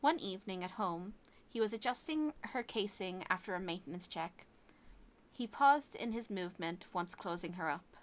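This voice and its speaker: A woman's voice: mid-range voice, lively intonation, moderate pace. Irish woman reading a story on stream. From Ireland. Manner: stumbling, self-correcting reading. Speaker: VTuber streamer.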